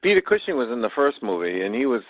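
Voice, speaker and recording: A man's voice: medium pitch, very animated, fast, dry recording. Man on a tinny, phone-like line. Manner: conversational, storytelling with easy asides. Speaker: podcast co-host. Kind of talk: casual chat about films.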